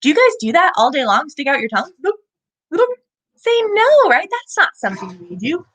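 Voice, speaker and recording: A woman hosting a live children's animal show, animated and asking young viewers questions as she presents a lizard. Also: high-pitched, brisk.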